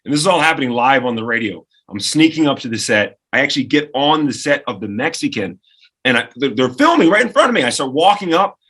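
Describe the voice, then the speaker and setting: Bright-voiced, animated man. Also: medium pitch, fairly quick, slightly rough. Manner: animated storyteller who acts out quoted voices. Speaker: radio co-host and producer, podcast guest. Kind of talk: lively anecdote-telling in conversation.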